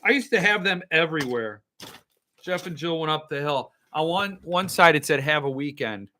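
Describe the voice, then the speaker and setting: A man's voice: fairly high pitch, expressive, moderate pace, sharp tone. A man hosting a podcast, rambling in loose, joking casual chat while he opens and drinks wine. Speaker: podcast host.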